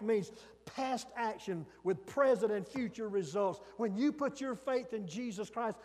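A man preaching a sermon, swinging from loud emphatic peaks to soft hushed lines. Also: sits high, lively intonation, moderate pace, hardly any pauses, big-room sound.

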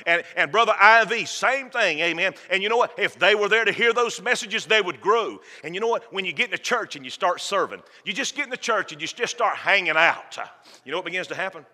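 A man's voice: sits high, animated, brisk, bright, forceful tone. A man preaching a sermon in a church, folksy and fervent, joking with the congregation. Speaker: pastor. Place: church sanctuary. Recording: long church reverb.

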